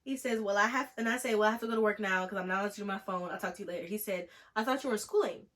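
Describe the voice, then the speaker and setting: Young woman, vlogger, storytime, sarcastic, animated, mid pitch. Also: racing. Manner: animated, sarcastic, jumps into mocking quoted voices. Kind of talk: storytime vlog.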